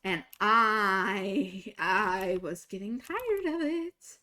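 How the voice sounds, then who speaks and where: A young woman streaming a game, casually telling a story, swinging between exasperated, swearing outbursts and quiet asides. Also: mid-range voice, expressive, extremely slow. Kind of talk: casual storytelling while gaming.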